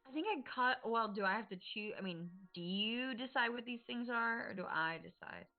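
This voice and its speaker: A woman's voice: on the high side, lively intonation, moderate pace, phone-quality sound, faint music behind. Hesitant woman playing a tabletop game. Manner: hesitant, questioning. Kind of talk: casual game chat.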